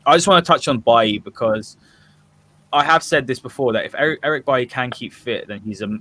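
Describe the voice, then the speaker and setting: A man's voice: mid-range voice, fairly quick, a bit bright. Southern English man hosting a fan podcast. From Southern England. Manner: opinionated, leading the discussion. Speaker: host.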